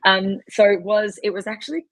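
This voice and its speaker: A woman's voice: mid-range voice, steady tone, a little fast, dry recording. Chatty Australian woman, dry close sound. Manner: chatty storytelling, laughs often, says "like" a lot. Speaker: rowing and ski erg coach guest. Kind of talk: casual podcast chat.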